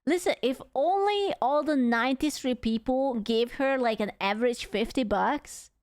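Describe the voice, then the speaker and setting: A woman's voice: high voice, moderate pace, darkish tone, no room sound, clean studio sound. A woman streamer reacting live to a video, playful and teasing with giggly banter.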